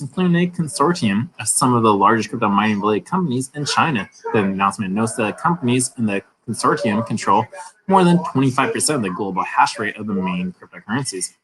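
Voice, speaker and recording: A man's voice: mid-range voice, low-quality recording. Man reading crypto news casually. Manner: reads articles aloud with chatty asides and laughs. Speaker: crypto news channel host.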